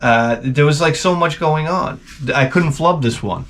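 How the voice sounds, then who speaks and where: A man's voice: a little high, a little slow, a bit bright. A man in his forties, the channel host, telling a profane, rambling comedic rant.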